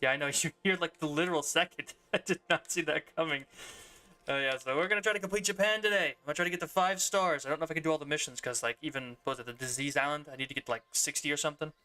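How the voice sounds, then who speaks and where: A man's voice: on the high side, steady tone, quick pace, bright, forceful tone. A young man streaming a video game, chatting casually and rambling, often laughing. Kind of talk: casual gameplay commentary.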